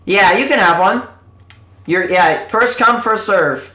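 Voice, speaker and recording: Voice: medium pitch, slow pace, bright, forceful tone, roomy sound. A live streamer chatting casually to viewers while opening loot, in a hyped game-show-host manner.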